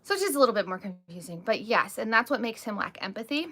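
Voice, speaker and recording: Woman streamer, frank conversational chat to camera, slight vocal fry. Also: a little high, sing-song, fast talker, a bit bright, slight background noise. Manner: candid, talks with many "like" and "um" fillers. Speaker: live stream host. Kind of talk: casual live chat answering comments. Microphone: phone or webcam, live stream.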